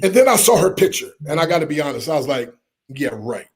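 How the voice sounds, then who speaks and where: Husky high-voiced man telling a story. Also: racing. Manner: animated storyteller, acts out quoted voices, laughs often. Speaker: motivational speaker, guest. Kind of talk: storytelling interview chat.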